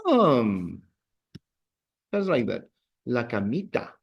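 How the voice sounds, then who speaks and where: Slow, patient male Spanish teacher. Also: medium pitch, very animated, vocal fry, slightly rough, lo-fi sound. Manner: patient, repeats words slowly for learners. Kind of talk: beginner language lesson.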